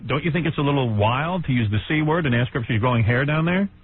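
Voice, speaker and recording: A man's voice: medium pitch, expressive, fast, slightly rough. A man hosting a radio talk show, prodding his guests with teasing questions. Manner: probing, teasing questions, laughs often. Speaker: radio host. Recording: phone-like radio broadcast, crowd behind.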